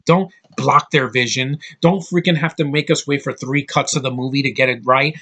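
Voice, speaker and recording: A man from the United States giving a casual, opinionated movie review straight to camera, blunt and quick to swear. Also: mid-range voice, steady tone, pushed and bright. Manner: blunt, opinionated, swears often, mocking voices.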